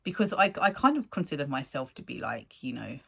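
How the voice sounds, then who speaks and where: Low-voiced woman telling a rambling story. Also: fairly quick, vocal fry, husky. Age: 40s. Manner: rambling, animated, laughs often, acts out quotes. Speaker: vlogger. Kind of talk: casual storytelling to camera.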